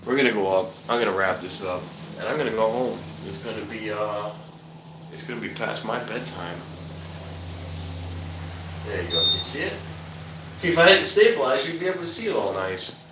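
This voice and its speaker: A man's voice: lowish voice, expressive, fairly quick, pauses often. A man hosting a casual live stream from a handheld phone, out in the cold at night and later inside an elevator, joking and rambling about wrapping up. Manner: rambling, joking, keeps promising to wrap up. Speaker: livestream host. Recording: roomy echo and clear background noise.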